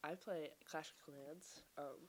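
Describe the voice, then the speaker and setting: A woman with a notably low voice chats on a casual podcast, laid-back and soft-spoken. A faint hiss runs under the recording. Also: steady tone, a little slow. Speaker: podcast co-host. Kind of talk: casual chat.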